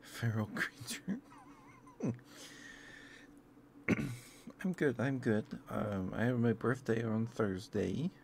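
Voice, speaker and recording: A man streaming ASMR, chatting casually and softly with his viewers in a laid-back, meandering way at his home setup. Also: lowish voice, measured pace, vocal fry, a little hiss or hum.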